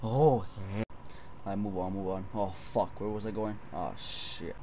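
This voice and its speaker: A man's voice: fairly low pitch, fairly even intonation, unhurried, background noise. A young man commenting on a horror game for viewers, swearing a lot, jumpy, and addressing them as boys. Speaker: gaming streamer.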